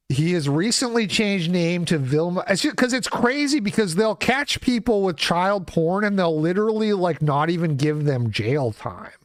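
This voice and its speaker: A man's voice: on the high side, no echo, studio quality. A man hosting his own show, ranting in casual commentary with a sarcastic edge. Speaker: show host.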